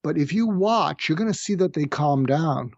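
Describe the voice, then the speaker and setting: A middle-aged man, a psychiatrist guest on a podcast interview, explaining techniques in a calm, methodical way and slowly acting out sample phrases. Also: a little high, vocal fry, no echo, dull audio. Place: room with street noise outside.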